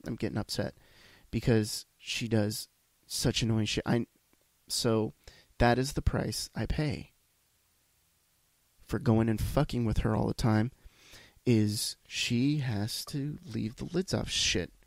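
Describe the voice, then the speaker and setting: Speaking slowly with vocal fry, this male podcast host has a lowish voice and a steady tone, and there's no echo. He's congested from sinus trouble and delivers a casual solo monologue into a podcast mic, swearing and putting himself down as he rambles.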